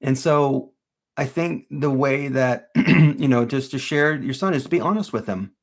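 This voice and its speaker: A man's voice: medium pitch, a little slow. Earnest man answering grief questions live. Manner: gentle, earnest, many fillers and restarts. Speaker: grief coach hosting a live Q&A. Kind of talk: live-stream Q&A, reading viewer questions.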